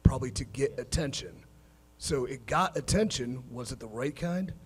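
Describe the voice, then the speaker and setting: A male wrestler guest on a live stage show, wry and blunt, dropping the odd swear word. His voice is husky, at an ordinary middle pitch for a man. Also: lively intonation, normal speed. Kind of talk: casual chat on stage.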